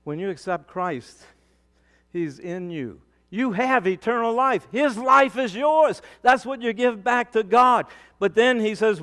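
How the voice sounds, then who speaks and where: A male pastor delivering a sermon, preaching with emphatic rises and sudden quiet drops. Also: sits high, animated, measured pace.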